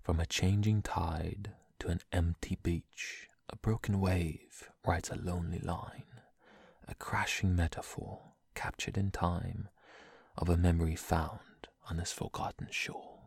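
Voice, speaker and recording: A young man reading poems aloud in a soft, slow, breathy whisper, in the style of ASMR. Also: deep voice, steady tone, no echo, studio quality. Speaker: poetry reader.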